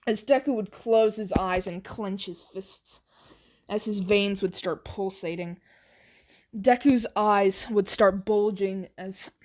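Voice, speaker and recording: A woman reading out an amateur fan story in the narrator's role. She speaks slowly and stutters, restarting words as she goes. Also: medium pitch, darkish tone.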